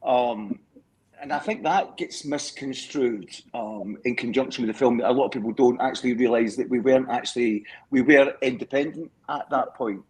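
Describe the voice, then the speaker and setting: A Scottish man chats casually on a live stream call in a medium-pitched, slightly mellow, slightly rough voice at normal speed, and the recording is rough. He rambles through stories, repeats words, and checks in with "do you know what I mean".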